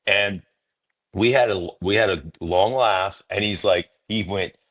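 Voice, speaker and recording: A man's voice: lowish voice, unhurried, a bit bright. A middle-aged former football player as a guest, talking in an emphatic, opinionated way and acting out quoted conversations in his stories. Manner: emphatic, opinionated storyteller who acts out quotes. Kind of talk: casual interview talk.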